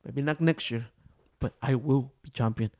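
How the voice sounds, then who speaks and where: A man's voice: medium pitch, normal speed, slight background noise. A young man co-hosting a casual podcast, joking and swearing as he chats. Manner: joking, swears freely, animated storyteller. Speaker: podcast co-host. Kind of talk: casual chat.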